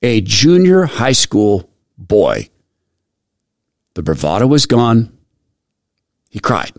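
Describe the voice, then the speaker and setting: A middle-aged male radio host telling a personal story in an animated way, often restarting his sentences. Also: lowish voice, takes it slowly, dry recording, clean studio sound. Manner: animated retelling with repeated restarts. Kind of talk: storytelling monologue.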